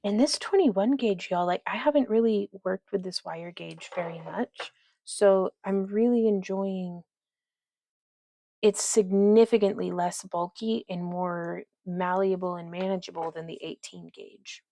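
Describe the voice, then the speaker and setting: A woman's voice: mid-range voice, unhurried, creaky, warm tone, no echo. A woman hosting a casual crafting livestream, chatting as she works and reading viewer comments aloud. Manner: chatty, reads viewer comments aloud, talks to her dog.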